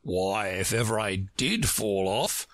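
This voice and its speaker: A man voicing a pompous, touchy egg-shaped man in a storybook reading, drawling slowly and huffily. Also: fairly low pitch, animated, fairly bright tone, dry recording, studio quality. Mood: haughty. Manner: pompous, slow and huffy.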